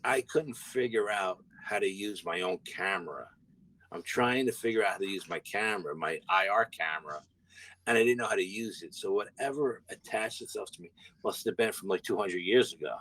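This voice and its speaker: A man's voice: lowish voice, brisk, a bit bright, rough recording. A man, a guest paranormal investigator, telling a story in a rambling, casual way, repeating words and swearing now and then.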